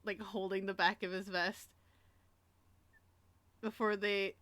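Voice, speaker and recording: A woman's voice: medium pitch, level tone, a bit bright, no echo. Giggly woman full of filler words. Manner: fast, giggly, lots of "like" fillers. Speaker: tabletop role-play player. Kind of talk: casual collaborative role-play narration.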